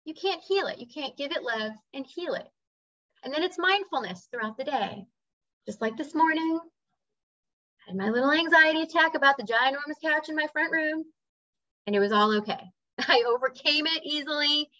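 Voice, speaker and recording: A woman's voice: high-pitched, expressive, moderate pace, sharp tone, no room sound. A woman sharing a personal story in a casual, earnest talk, now and then acting out voices and bird sounds. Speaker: spiritual speaker. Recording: slightly dull dry recording.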